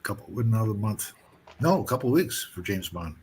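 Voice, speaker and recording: A man's voice: on the low side, sing-song, a little fast, darkish tone. A man tossing in short reactions and quips in casual chat. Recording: faint background noise.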